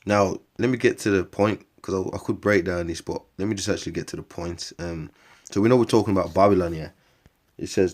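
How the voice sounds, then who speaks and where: A man with a low voice preaches scripture in a loose, rambling way. He swears freely and calls his listeners bruv and mate. When he reads long biblical lists, he slows down and takes his time. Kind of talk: informal scripture preaching to camera.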